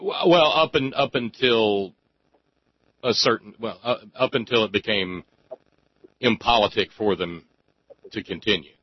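Emphatic talk radio host, dry sound. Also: male voice, on the low side, breathy edge, dry recording. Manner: emphatic, drawn-out phrasing with many fillers. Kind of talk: talk radio monologue and call-in chat. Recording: dry, slightly dull radio studio sound.

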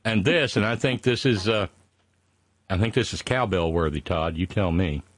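A man's voice: lowish voice, moderate pace, no room sound. A man from West Virginia co-hosting a casual political chat show, profane and rambling, reading listener messages aloud. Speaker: podcast co-host.

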